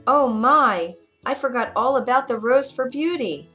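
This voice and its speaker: Here is a gentle, fretful old father with a voice raised higher and louder than the storyteller's usual tone, as a woman reads him in a storybook. He pleads anxiously and sounds easily flustered. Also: sing-song, a little slow, soft background music.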